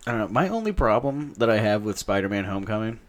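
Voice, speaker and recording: A young man with a somewhat low voice, talking casually as a podcast co-host. He is animated and foul-mouthed. He drifts into rants and quick mock voices. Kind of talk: casual chat.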